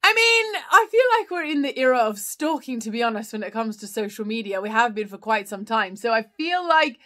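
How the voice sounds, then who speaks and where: A woman's voice: a little high, big pitch swings, a little fast, bright, forceful tone. A woman hosting a casual live chat, answering viewer questions in a rambling way with many fillers and restarts.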